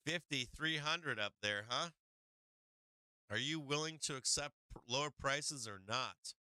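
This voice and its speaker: A man's voice: mid-range voice, unhurried, smooth, dry recording. A middle-aged man hosting a live stock market stream, chatting casually with viewers and swearing freely. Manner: excitable, swears freely, talks to chat. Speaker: stock market livestream host. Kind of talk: casual live trading commentary.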